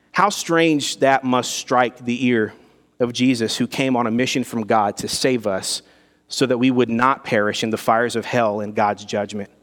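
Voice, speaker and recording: A man delivering an expository sermon to his congregation, often putting rhetorical questions to them. His voice sits at an ordinary middle pitch, and a long reverb trails his words through the hall. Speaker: pastor.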